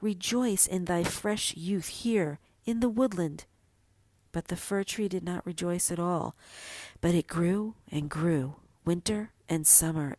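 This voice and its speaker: A woman podcast host reading a classic story aloud in a gentle, measured manner. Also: on the low side, no room sound. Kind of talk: storybook narration.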